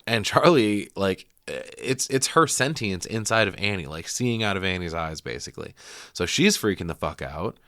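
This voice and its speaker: A man's voice: sits low, lively intonation, moderate pace, a bit bright, no echo, clean studio sound. A man hosting a podcast, giving a loose, profane scene-by-scene film recap full of fillers. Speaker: podcast host. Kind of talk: casual podcast film breakdown.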